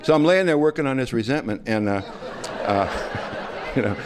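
A man's voice: medium pitch, lively intonation, moderate pace, some chatter behind. A man sharing his story at a recovery meeting, rambling and self-deprecating with lots of fillers. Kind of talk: humorous personal storytelling.

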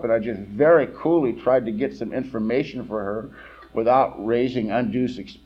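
Man from California, meeting speaker, rambling candid testimony, wry humor, muffled lo-fi sound. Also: medium pitch.

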